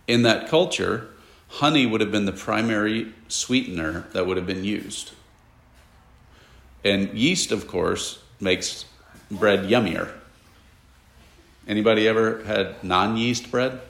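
A man's voice: fairly low pitch, takes it slowly, vocal fry, pauses often, a bit bright. A man teaching a classroom Bible lesson, explaining at length and asking his students questions, with casual asides. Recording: echoey room.

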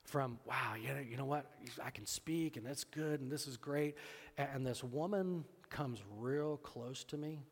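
Pastor telling a story in a reverberant church hall. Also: male voice, medium pitch, measured pace. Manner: storytelling, acting out both sides of a dialogue. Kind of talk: sermon.

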